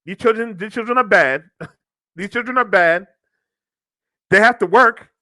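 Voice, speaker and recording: Blunt high-voiced male commentator. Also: moderate pace, bright, forceful tone. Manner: blunt, mocking, laughs often. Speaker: podcast host. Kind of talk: reaction commentary.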